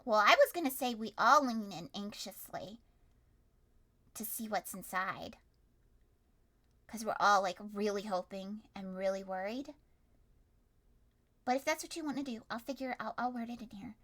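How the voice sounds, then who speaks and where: A young woman streamer improvising a story with her chat in a playful, animated way, at times loud and at times hushed. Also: mid-range voice, normal speed, pauses often. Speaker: streamer running an interactive story.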